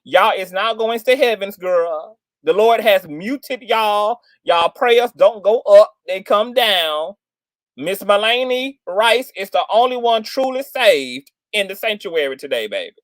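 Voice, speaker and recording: A man's voice: sits high, animated, unhurried, no echo. A man hosting livestream commentary in a sassy, theatrical way, peppered with "girl" and "child". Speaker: commentary channel host.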